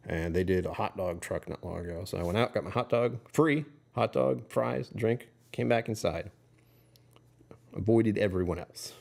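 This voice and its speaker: A man's voice: on the low side, normal speed, creaky, a little mellow. A middle-aged man streaming live, rambling through casual chat with his viewers and chuckling often. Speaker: livestreamer.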